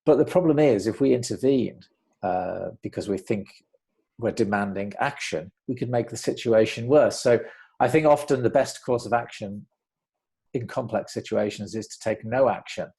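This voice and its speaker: A man speaks as an interview guest in a low voice with a gravelly, creaky edge. He sounds measured and reflective, weighing his points carefully as he speaks. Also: dark tone. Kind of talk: conversational interview.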